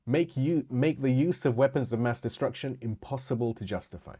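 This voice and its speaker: A man at an ordinary middle pitch delivers a scripted religious lecture. He speaks in a measured, rhetorical way, poses questions and then answers them. He puts weight on his key phrases. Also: dark tone.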